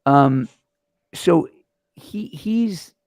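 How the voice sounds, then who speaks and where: A man hosting a casual show, telling stories in an animated, rambling and profane way into a camera setup. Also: a little high, extremely slow, no echo, clean studio sound. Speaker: host. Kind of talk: casual chat. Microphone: webcam or phone camera mic.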